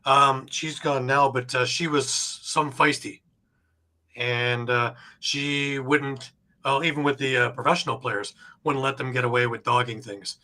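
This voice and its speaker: A man's voice: mid-range voice, fairly even intonation, unhurried, bright, forceful tone. A man hosting an interview, asking conversational, prompting questions. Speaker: host.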